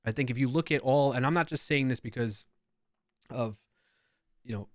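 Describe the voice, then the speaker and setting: Streamer host, New York accent, mid-pitched man, chatty and wry, close dry mic. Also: moderate pace, dry recording. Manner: chatty, reads comments with playful emphasis and laughs. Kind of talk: casual live-stream commentary reading comments aloud.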